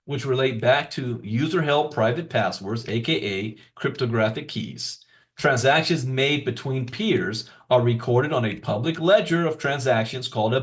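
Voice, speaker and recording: A man's voice: medium pitch, lively intonation, unhurried. Man teaching crypto basics, emphatic. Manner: explanatory, emphatic repetition for stress. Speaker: crypto course presenter. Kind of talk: reading lesson notes with asides.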